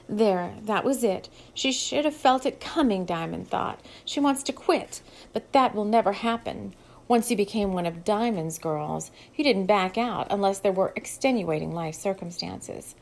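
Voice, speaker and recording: A woman's voice: mid-range voice, expressive, moderate pace, vocal fry, a little mellow, low-quality recording. Woman reading her own novel aloud. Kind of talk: audiobook narration.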